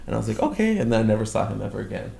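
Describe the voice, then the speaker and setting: Rambling young man, gravelly voice. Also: fairly low pitch, monotone, rapid-fire, mellow, echoey room, slight background noise. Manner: rambling storytelling with many filler words. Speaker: guest storyteller. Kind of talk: casual chat.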